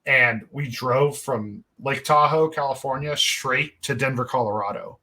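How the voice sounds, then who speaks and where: A man's voice: medium pitch, unhurried, pushed and bright. A young man hosting a podcast, telling a long story in a rambling, profane, laid-back way. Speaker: podcast host. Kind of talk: casual storytelling chat.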